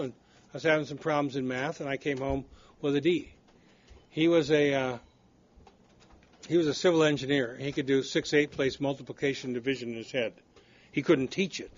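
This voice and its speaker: An older man at a recovery study meeting, telling personal stories in a blunt, candid, self-deprecating way. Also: medium pitch. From United States. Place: meeting room. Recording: dull lo-fi recording.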